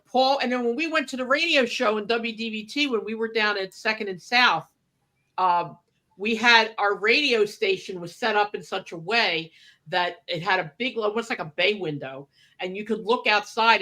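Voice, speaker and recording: A woman's voice: medium pitch, normal speed. A woman co-hosting a radio show, telling stories in casual chat and acting out the quotes. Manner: animated storyteller, acts out quotes. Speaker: radio co-host.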